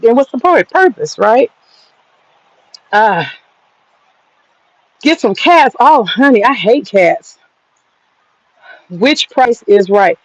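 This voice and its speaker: Lo-fi sound with no room sound carries this woman's slightly high voice. She's in her backyard vlogging on a handheld phone, chatting casually and spinning rambling stories laced with profanity.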